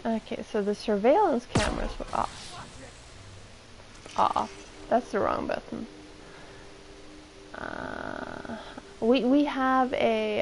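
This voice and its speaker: A woman's voice: a little high, wildly swooping pitch, slow, gravelly, pauses often, slight background noise, poor audio. A tired woman streaming a game, chatting casually and rambling with lots of fillers as she plays. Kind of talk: casual chat while gaming.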